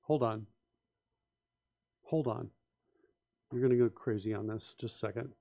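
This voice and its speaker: Here a man with a lowish, warm, steady voice runs a live coding session at a measured pace. As host and developer, he reasons aloud forcefully and opinionatedly, often restarting sentences and posing rhetorical questions, though the audio is muffled, without echo.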